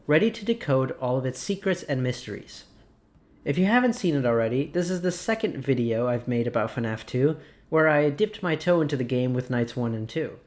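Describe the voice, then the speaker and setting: A man playing a horror game blind, giving let's-play commentary as a jumpy, easily startled host who mutters the same phrase over and over. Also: medium pitch. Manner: repeats the same phrase over and over under his breath. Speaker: gaming YouTuber.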